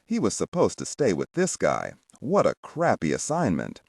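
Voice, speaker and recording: A man narrates a thriller audiobook with expressive delivery. His voice is low but very animated in pitch, and the sound is dry and close. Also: moderate pace, creaky, few pauses, dry recording. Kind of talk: scripted narration.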